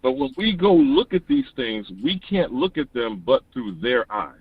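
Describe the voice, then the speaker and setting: A man calling in to an online talk show, delivering an animated, preachy monologue that rises to emphatic declarations. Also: mid-range voice, moderate pace, husky, no echo. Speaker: caller. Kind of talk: passionate call-in monologue. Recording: dull lo-fi dry call-in audio.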